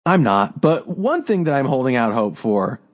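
A man co-hosting a casual wrestling podcast who rants in an animated way and swears a lot. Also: medium pitch, moderate pace. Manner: animated, profane ranting. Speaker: podcast co-host.

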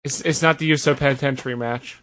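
A man hosting a casual podcast, recapping events in an animated, sarcastic way. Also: medium pitch, fast. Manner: animated, sarcastic retelling with put-on voices. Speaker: podcast host. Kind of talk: casual wrestling recap chat.

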